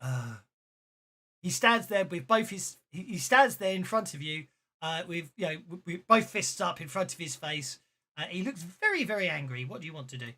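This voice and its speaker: A game master narrating a tabletop game with frequent halts and laughter. The voice is bright and highly animated in pitch. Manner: halting, laughs often.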